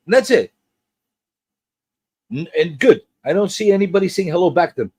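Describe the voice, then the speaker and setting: A man hosting a casual pop culture livestream, teasing his guest and chatting in an animated way. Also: normal speed, breathy edge, no room sound. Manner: animated and teasing, jumps between high and low.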